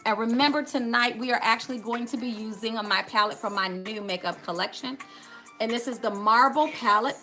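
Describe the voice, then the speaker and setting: A woman's voice: fairly high pitch, fairly quick, bright, forceful tone, soft background music. A middle-aged woman hosting a casual live makeup tutorial, chatty, greeting viewers by name and calling out to "y'all". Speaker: makeup livestream host.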